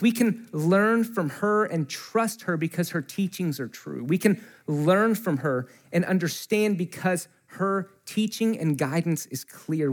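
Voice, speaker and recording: A male pastor preaches in a church, speaking into a close microphone. His voice sits a bit higher than most men's. He tells stories in a relaxed, conversational way and acts out the people he quotes. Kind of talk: sermon with personal storytelling. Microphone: mic close to the face.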